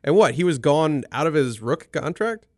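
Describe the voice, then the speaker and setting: Higher-voiced guy cussing and joking about football, really animated, dry close sound. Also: moderate pace, no echo. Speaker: podcast co-host. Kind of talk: casual sports chat.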